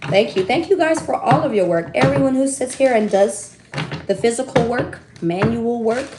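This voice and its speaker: Young woman in her twenties, chatty and animated, speaking in an echoey room. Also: on the high side, moderate pace, very noisy. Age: 20s. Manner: animated, talkative, slangy, swings between loud and hushed. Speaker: tarot reader and streamer. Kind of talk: casual storytelling to viewers.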